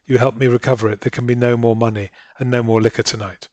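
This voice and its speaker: A man's voice: mid-range voice, little pitch movement, fast, a little mellow, dry recording, highs cut off, close to an everyday voice. An earnest, troubled husband, read by a man narrating a story. He speaks sincerely and presses his case with urgency. The sound is dry and close, in a middle male register. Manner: earnest, pleading.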